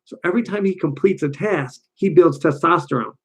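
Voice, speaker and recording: This is a man coaching his audience on relationships in a loose, conversational way. His voice sits a touch high for a man, and he keeps things lively by slipping into short acted-out quotes. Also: brisk, slightly rough. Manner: energetic, conversational, acts out little quoted voices. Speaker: dating coach. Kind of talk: direct-to-camera coaching talk.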